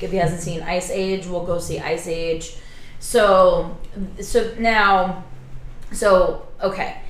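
A woman's voice: fairly low pitch, reverberant, poor audio. A woman co-hosting a casual chat show, bubbly and rambling, laughing often. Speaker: podcast co-host.

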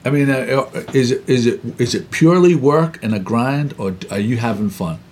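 A man hosting an interview, asking long, halting questions with many fillers and restarts. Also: medium pitch, darkish tone, a little hiss or hum. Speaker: interview host.

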